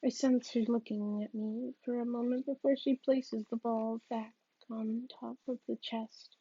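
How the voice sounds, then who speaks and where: A woman's voice: a little high, level tone, a little slow, dark tone, breathy edge, no room sound, dull audio. A woman reading a novel aloud, hesitant and often restarting her sentences. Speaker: reader.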